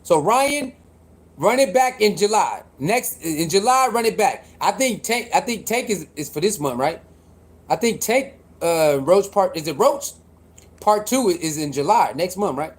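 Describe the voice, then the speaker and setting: Male livestream host, higher voice, casual slangy rambling talk. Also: lively intonation, unhurried, husky. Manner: chatty, repetitive, reacting to boxing news with slang.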